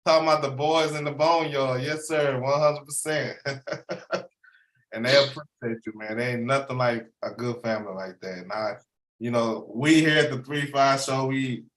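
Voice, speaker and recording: A man's voice: mid-range voice, steady tone, moderate pace, echoey room, poor audio. A man hosting a sports interview show, chatting casually and encouraging his guest, often saying "man". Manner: warm, encouraging, repeats "man". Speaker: host.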